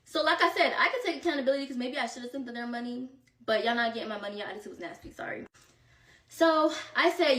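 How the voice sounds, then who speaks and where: Animated young woman telling a storytime. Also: on the high side, moderate pace, long pauses, recorded from a distance. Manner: animated, slangy, quoting texts in voices. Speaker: vlogger. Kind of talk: casual storytime chat. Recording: roomy, from off the mic.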